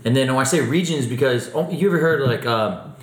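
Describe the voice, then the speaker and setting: A man co-hosting a casual chat, animated and quick to jump in. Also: medium pitch, roomy sound, a little hiss or hum.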